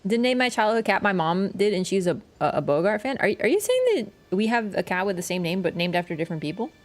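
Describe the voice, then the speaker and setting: A young woman chatting casually on a game livestream, quick and self-mocking, laughing often. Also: mid-range voice, sing-song. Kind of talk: casual game-stream chat.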